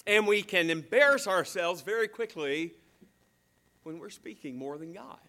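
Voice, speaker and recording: A man preaching a sermon as a pastor, swinging between emphatic fast bursts and slow hushed phrases. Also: high voice, lively intonation. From southern United States.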